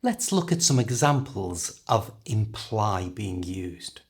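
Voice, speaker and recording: A middle-aged British man leads an English lesson, speaking slowly and spelling out each sound with care. His voice sits a little low but rises and falls a lot, keeping the delivery lively. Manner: careful, clear modelling of pronunciation. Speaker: English teacher. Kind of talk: language lesson.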